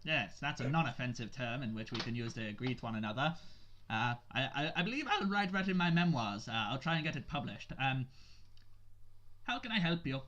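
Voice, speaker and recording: A man voicing a fussy, chatty little old male halfling bookseller who talks in a high, excitable, rambling way with hums and stammers, in a tabletop game. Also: fairly quick, dull audio.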